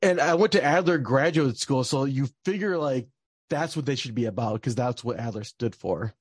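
A man's voice: mid-range voice, normal speed, slightly rough, no room sound. A young man telling a personal story in casual talk, rambling with lots of fillers and restarts.

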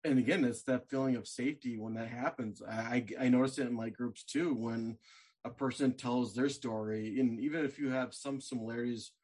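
Husky-voiced male interviewer. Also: medium pitch, fairly even intonation, brisk, darkish tone. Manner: supportive, reflective listener. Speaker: interview host. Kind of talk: casual interview.

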